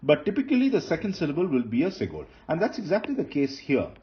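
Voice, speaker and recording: A man with a slightly high voice and huge swings in pitch lectures quickly on Hebrew grammar while writing on a board. Patient with his students, he repeats key terms and keeps restarting phrases. It's a dull, lo-fi recording with faint noise.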